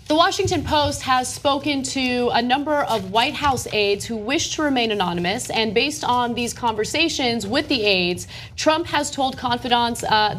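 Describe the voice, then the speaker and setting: A woman co-hosting a political talk show, fluently reading out news items and making measured points. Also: fairly high pitch, a little hiss or hum. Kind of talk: news rundown and political discussion.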